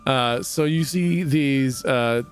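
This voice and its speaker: A man narrating as game master of a tabletop game, halting with many fillers. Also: medium pitch, clean tone, faint music behind. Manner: hesitant, full of fillers.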